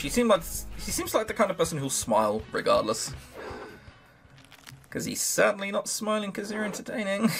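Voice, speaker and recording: Animated man joking through a game. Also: on the high side. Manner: sarcastic, swears casually, jokes to himself. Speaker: let's play host. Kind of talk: reading a visual novel aloud with joking commentary.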